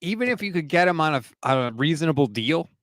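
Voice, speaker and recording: A man co-hosting a casual sports talk livestream, animated and quick to laugh. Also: fairly high pitch, dry recording, studio quality. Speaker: sports podcast co-host.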